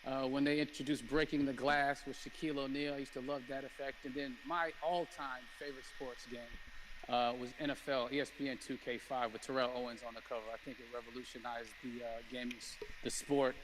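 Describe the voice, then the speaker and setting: A man being interviewed as a guest at a live event, excited and stumbling over his words. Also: medium pitch, brisk. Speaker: guest actor at an in-game event. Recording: noisy game-stream audio.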